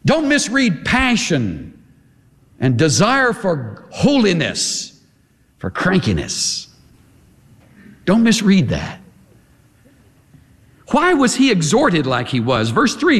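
A man preaching a sermon, impassioned and emphatic, with repeated staccato phrases and swings between quiet low passages and high forceful ones. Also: wildly swooping pitch, takes it slowly, pauses often. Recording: long hall reverb.

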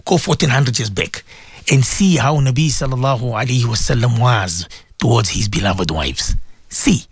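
A man's voice: medium pitch, husky, dry recording, studio quality. A man preaching on the radio, addressing his listeners directly, emphatic and repetitive. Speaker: religious radio presenter. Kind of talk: impassioned radio sermon.

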